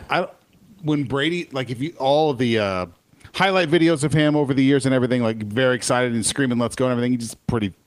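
A man hosting sports radio, chatting casually and opinionatedly about football broadcasters. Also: mid-range voice. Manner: animated, opinionated, quick restarts.

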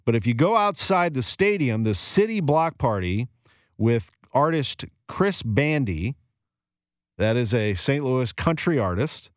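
A man's voice: medium pitch, a little slow, dry recording, studio quality. A man hosting a sports radio show, talking casually with laughs and fillers. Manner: chatty, laughs often, relaxed filler-heavy delivery.

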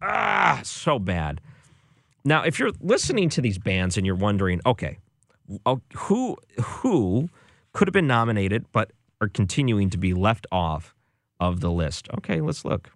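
A man's voice: lowish voice, big pitch swings, a little slow, no room sound, studio quality. A man hosting a show, giving casual music commentary with a sarcastic, exasperated manner. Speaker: radio or podcast host.

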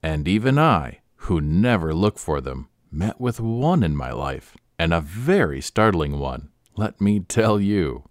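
A worldly French gentleman, voiced by a male narrator speaks with wry emphasis. His voice is deep but lively, and the recording is dry and close. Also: unhurried, hardly any pauses, no echo. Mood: emphatic.

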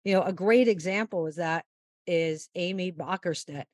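A woman golf mental-game coach giving a long, animated interview answer and acting out the quotes in her story. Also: fairly low pitch, normal speed, no room sound, studio quality.

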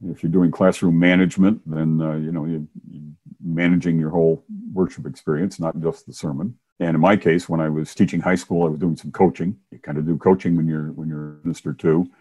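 Older guy, deep husky voice, minister chatting about his life, chuckles a lot. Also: little pitch movement, fairly quick. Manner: warm anecdotal storytelling with chuckles. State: hard of hearing, wears hearing aids. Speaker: Methodist minister and former science teacher. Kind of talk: casual interview storytelling.

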